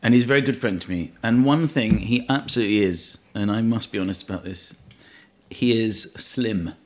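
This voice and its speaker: A man's voice: on the low side, normal speed. A man, a guest telling funny stories in casual chat over a meal and laughing as he talks. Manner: lively storyteller, laughs through his stories.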